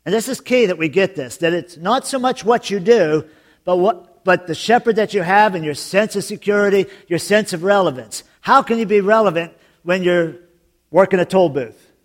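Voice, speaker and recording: A man preaching a sermon as pastor, telling jokes and stories in an animated way. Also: high voice, moderate pace. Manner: joking, animated storytelling with laughs.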